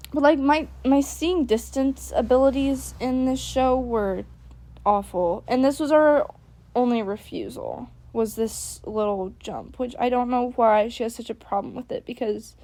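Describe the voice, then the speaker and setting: A young woman talks through her own footage in a loose, chatty voice-over, sprinkling "like" everywhere and being hard on herself. Her voice sits a little high. The sound is dry and close, with no room around it. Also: vocal fry, dark tone, no room sound. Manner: chatty and self-critical, with many "like" fillers. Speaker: equestrian vlogger. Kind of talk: casual voice-over commentary.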